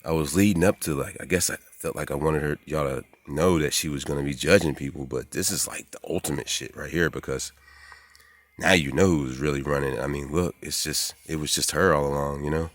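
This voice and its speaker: A man in his forties, rambling excitedly and profanely in a casual monologue, jumping into high voices when he quotes people. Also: no echo. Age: 40s. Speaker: spiritual vlogger.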